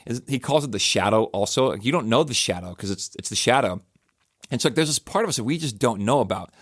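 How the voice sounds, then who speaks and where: This is a man with a medium-pitched, expressive voice who talks fast, captured dry and at studio quality. As pastor and host of a church podcast, he chats casually and rambles through his stories, correcting himself and restarting with plenty of fillers.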